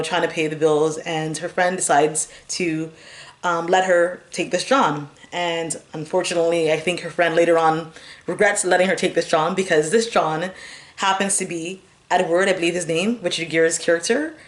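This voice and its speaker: Low-voiced chatty woman reviewing movies. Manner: rambling, chatty, lots of fillers and giggles. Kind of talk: casual chat.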